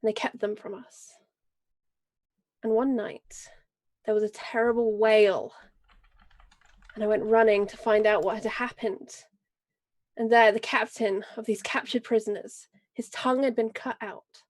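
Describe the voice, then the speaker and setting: A woman voicing a proud, vengeful noble lady and mother, speaking in a grave, measured and forceful way during a tabletop role-play. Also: on the high side, fairly even intonation, natural voice. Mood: grave storytelling. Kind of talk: in-character role-play speech.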